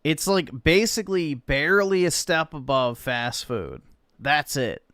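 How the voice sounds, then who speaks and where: A man reacts to a video with sarcastic, profane commentary. His voice is smooth and swings widely in pitch, and he talks slowly in a dry, close-miked sound. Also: lively intonation, a bit bright, dry recording.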